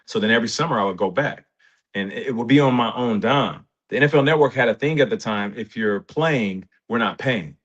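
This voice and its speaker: A man in his forties, a guest in an interview, telling stories in a casual, animated way and acting out what others said. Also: quick pace. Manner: animated, rises in pitch when excited, quotes others in dialogue. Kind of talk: casual storytelling. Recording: dull lo-fi sound.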